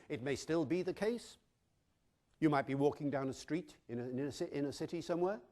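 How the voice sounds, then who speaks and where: Lively man lecturing. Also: fairly high pitch. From Wales. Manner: lively, full of rhetorical questions. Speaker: lecturer on language. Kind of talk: educational talk.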